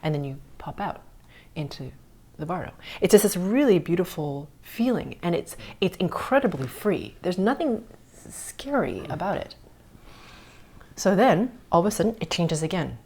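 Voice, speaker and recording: A middle-aged woman hosting a spiritual podcast, earnestly recounting a personal experience and dropping to soft whispers at tender moments. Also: lowish voice, sing-song, moderate pace, a little hiss or hum. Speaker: podcast host.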